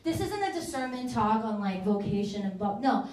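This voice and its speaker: A woman giving a lively, chatty faith talk to a live audience, often checking in with "right?". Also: medium pitch, moderate pace, roomy sound, far from the mic. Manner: animated, chatty, many "right?" and "like". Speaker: speaker at a Catholic youth event.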